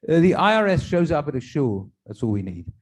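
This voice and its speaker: A man, a rabbi, telling jokes at a tribute event in a synagogue, pausing with fillers and restarts and slipping into German and Yiddish phrases for his characters. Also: on the high side, sing-song. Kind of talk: stand-up joke telling at a tribute.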